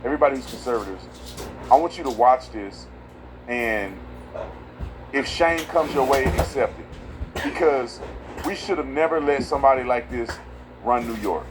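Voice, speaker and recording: A man hosting a casual political commentary video, talking in an emphatic, slangy way and swinging from loud outbursts to low asides. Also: moderate pace, long pauses, noisy background.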